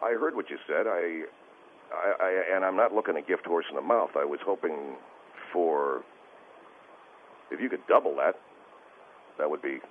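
A man's voice: low voice, moderate pace, long pauses, slight background noise. A male caller on a radio show, defensive and rambling, stammering as he talks. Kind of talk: call-in radio conversation. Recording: phone-line call audio.

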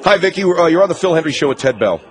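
A man's voice: a little high, expressive. A man hosting a comedy call-in radio show, refereeing his guests and callers. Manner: quick, exasperated moderator. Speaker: radio talk show host.

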